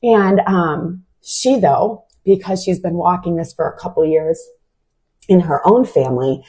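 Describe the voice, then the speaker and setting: A woman's voice: on the low side, a little slow, dark tone, slightly rough. A young adult woman sharing a heartfelt personal faith testimony in a casual way, with many "like" fillers. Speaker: Christian podcast host.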